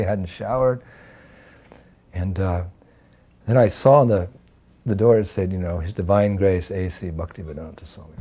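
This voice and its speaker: A man in his sixties telling a personal story in an animated way, acting out the dialogue as he goes. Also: lowish voice. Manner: animated storyteller who acts out dialogue and laughs at himself. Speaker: devotee sharing memories of his teacher.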